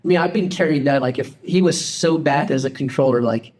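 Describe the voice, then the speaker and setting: A middle-aged man co-hosting a podcast, telling a personal story in a halting way with many restarts. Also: on the high side, a little mellow. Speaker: podcast co-host. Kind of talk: casual podcast chat.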